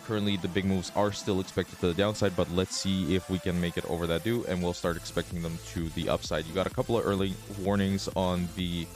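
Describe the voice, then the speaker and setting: Raspy guy streaming his trades, deep voice, laid back, bit of music behind. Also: brisk, few pauses. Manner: relaxed, swears, laughs often. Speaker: trading streamer. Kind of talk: casual live-stream chat.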